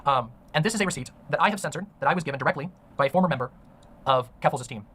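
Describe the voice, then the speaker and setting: A man's voice: fairly high pitch, animated, very fast, bright, forceful tone, husky. A man narrating a commentary video in an earnest, serious way, with many ums and uhs. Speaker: online commentator.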